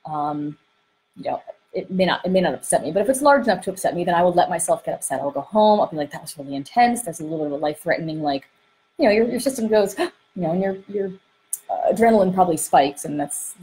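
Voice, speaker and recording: A woman coaching on dating and emotions in an animated monologue. She often acts out inner voices and uses many fillers. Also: fairly low pitch, low-quality recording. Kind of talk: podcast-style teaching monologue. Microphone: close microphone she bumps while gesturing.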